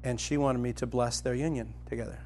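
A middle-aged man preaching a sermon, telling a personal story and retelling a parable, rising to loud excitement in the vivid parts and dropping soft in the tender ones. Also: a little fast, a little hiss or hum. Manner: storytelling, grows animated and loud when dramatizing, soft and low when tender.

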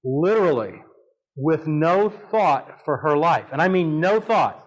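A man in his fifties preaching a sermon, telling a family story with animated delivery and leaps of voice for dramatic quotes. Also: on the high side, unhurried, rough recording.

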